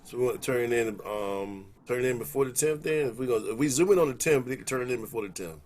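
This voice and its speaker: Quiet man checking dates on a call. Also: medium pitch, lively intonation, fast. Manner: quiet, brief check-ins about dates. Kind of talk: casual planning call. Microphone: video call.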